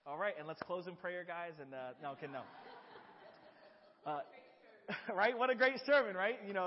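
A man filling in as preacher in a church, praying and joking with the congregation in a chatty, easygoing way that swells into loud excitement. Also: sits high, normal speed, pauses often. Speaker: fill-in preacher. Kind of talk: informal sermon with prayer. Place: church sanctuary. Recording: dull echoey church hall recording.

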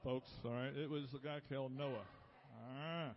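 A man's voice: medium pitch, steady tone, moderate pace. A man leading a Bible quiz at church, asking the congregation questions and teasing them over the answers. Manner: playful, teasing, quizzing the crowd. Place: church hall. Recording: dull live hall audio.

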